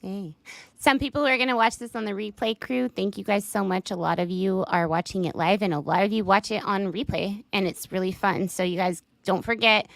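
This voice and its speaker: Woman host, casual livestream chat, effusive and warm, swears freely, dry sound. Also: mid-range voice, steady tone, brisk, vocal fry, no room sound.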